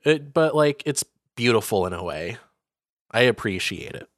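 A man co-hosting a casual podcast chat over an online call, relaxed and self-deprecating with a dry sense of humor. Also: mid-range voice, moderate pace, dry recording. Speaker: podcast co-host.

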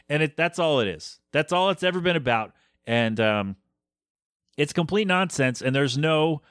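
A man's voice: medium pitch, a bit bright, clean tone, no echo, studio quality. A man hosting a podcast, chatting casually and ranting in an exasperated, rambling way. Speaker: podcast host. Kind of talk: casual solo podcast chat.

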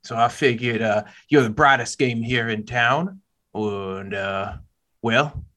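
A man's voice: medium pitch, takes it slowly, bright, forceful tone. A man playing a hot-tempered Southern father in a tabletop game, with a stammering, folksy drawl and a put-on Southern accent. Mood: agitated. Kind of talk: tabletop role-play.

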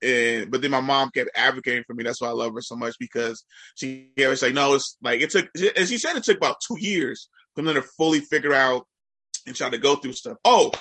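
A man's voice: medium pitch, a little fast, bright, forceful tone, husky. A man, an educator, telling a story in casual podcast chat with a slightly nasal, congested sound, rambling and full of fillers.

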